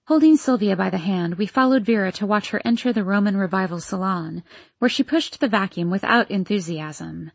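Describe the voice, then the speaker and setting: A woman narrating a first-person novel as an audiobook, with measured, expressive storytelling. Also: medium pitch, creaky, no room sound.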